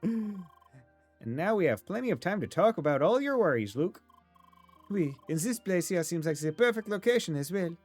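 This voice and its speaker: A man's voice: sits high, sing-song, moderate pace, soft background music, pitched above the performer's own voice. A man voicing a cheerful French young woman gamer in an online game, reading her lines in a lifted, upbeat way.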